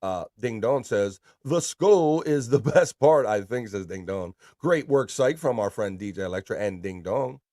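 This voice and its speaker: A man's voice: lowish voice, expressive, measured pace, few pauses, no echo, studio quality. Upbeat man hosting a live stream. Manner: upbeat, reads viewer comments with playful shout-outs. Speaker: livestream host. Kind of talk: casual livestream chat, reading chat aloud.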